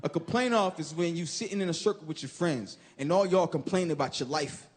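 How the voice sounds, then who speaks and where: High-voiced man doing loud stand-up. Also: fairly quick. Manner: animated, loud punchlines, bursts into shouted impressions. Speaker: stand-up comedian. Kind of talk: stand-up comedy set. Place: comedy club stage with live audience. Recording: live club recording with crowd laughter and noise.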